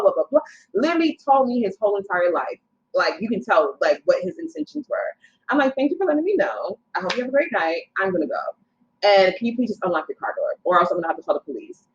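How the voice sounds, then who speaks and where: Young woman telling a story, animated. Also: medium pitch. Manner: animated, quotes people in her story, quick asides. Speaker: guest. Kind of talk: casual storytelling. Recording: slightly dull lo-fi sound.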